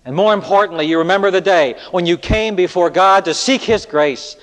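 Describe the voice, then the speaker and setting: A man preaching an earnest sermon, with rhetorical questions and shifts between loud appeals and hushed lines. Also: high-pitched, normal speed, hardly any pauses. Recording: echoey hall with long reverb.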